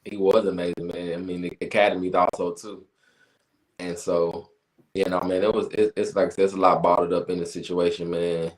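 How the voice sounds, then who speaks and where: A laid-back man chimes in as co-host with short agreeing replies. His voice sits low, and he sounds set back a bit from the microphone. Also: level tone, moderate pace. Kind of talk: casual chat.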